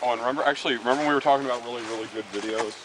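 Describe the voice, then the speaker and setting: The vlogger's friend, a young man with a medium-pitched voice, talks very fast with fairly even intonation in offhand, rambling chat. Recorded on camcorder audio with clear background noise, he is often slightly off the mic, starting outdoors in the woods and later indoors at home.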